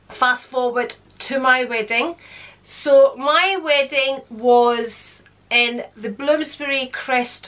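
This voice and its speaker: A woman's voice: on the high side, a bit bright. A woman, telling a long personal story in a chatty, rambling way full of fillers. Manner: chatty, digressive, with frequent fillers. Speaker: vlogger. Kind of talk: casual storytelling.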